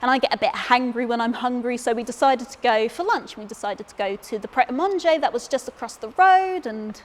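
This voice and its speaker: A woman's voice: fairly high pitch, brisk, long reverb tail. A young woman from England tells a comic personal story on a theatre stage. She is chatty and self-deprecating, and often stumbles over repeated words. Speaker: solo performer.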